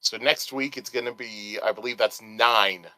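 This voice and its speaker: Bright, clear-voiced man co-hosting a podcast. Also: fairly low pitch, steady tone, normal speed, no echo, poor audio. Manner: explanatory, rambling with restarts. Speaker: podcast co-host. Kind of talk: casual chat.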